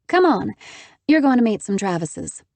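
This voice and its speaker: A woman reading an audiobook voices a lively, teasing young woman who talks in a bright, animated, playfully bossy way. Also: mid-range voice, fairly quick, no room sound, pitched above the performer's own voice, lightly acted. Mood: bubbly.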